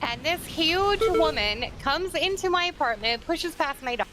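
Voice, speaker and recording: Woman streamer, blunt animated storyteller, bright and fairly high, faint hiss behind. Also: a little slow, rough recording. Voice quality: blunt, animated storyteller who swears freely. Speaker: streamer raiding with friends. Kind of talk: casual chat and storytelling.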